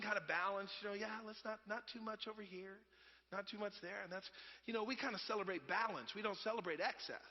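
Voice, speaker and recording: Man, 30s, pastor, chatty sermon, high voice, muffled recording. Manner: conversational storytelling, swinging between loud and hushed. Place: church sanctuary. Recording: dull sound with long reverb.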